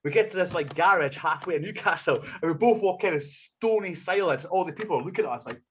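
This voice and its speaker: A wrestler appearing as a podcast guest tells a profane anecdote, swearing a lot and acting out the scenes as an animated storyteller. His voice sits high and moves fairly quickly. The sound is lo-fi with a little hiss or hum.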